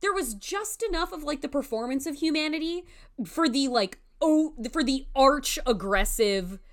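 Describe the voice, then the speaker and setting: A woman co-hosting a casual movie review podcast, emphatic and animated, swearing casually. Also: sits high, normal speed. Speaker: podcast co-host.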